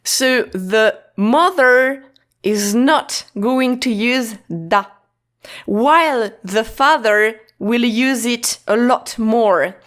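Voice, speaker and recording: A woman teaching a lesson in a casual, patient way, repeating points slowly with restarts and fillers. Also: fairly high pitch, fairly bright tone. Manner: slow, repetitive, patient explaining with many restarts and fillers. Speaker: Japanese teacher.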